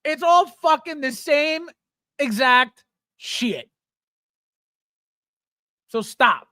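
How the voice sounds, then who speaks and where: Reading out and responding to viewer chat, a livestream host rants casually and bluntly, swearing heavily. His very high-pitched voice sounds animated, pushed and bright, with drawn-out words, and the studio recording is clean and echo-free.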